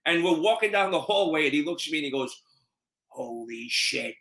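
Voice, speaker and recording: A man hosting a casual chat over a video call, telling stories in an animated way and swearing freely. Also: on the high side, fast, reverberant, rough recording. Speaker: podcast host.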